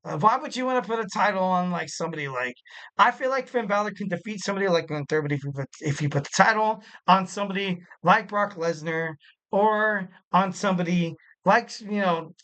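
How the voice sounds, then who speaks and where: A man's voice: high-pitched, a little fast, sharp tone. Dude rambling on his wrestling podcast, tons of likes and you knows, kinda jokey. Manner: rambling, heavy on filler words, jokey. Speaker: podcast host. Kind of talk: casual solo wrestling commentary.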